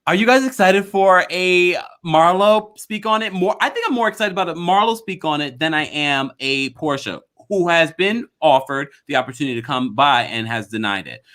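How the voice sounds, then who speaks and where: A man's voice: on the high side, expressive, moderate pace, hardly any pauses, fairly bright tone. A man hosting a live celebrity gossip stream, chatting casually and laughing often. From raised by a Jamaican mother. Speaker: podcast host.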